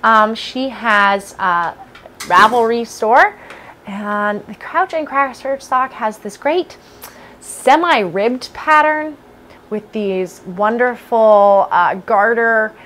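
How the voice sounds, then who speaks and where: A woman with a high, slightly bright voice speaks slowly while hosting a casual podcast from home. She chats in a rambling, self-deprecating way from a basement room with a space heater.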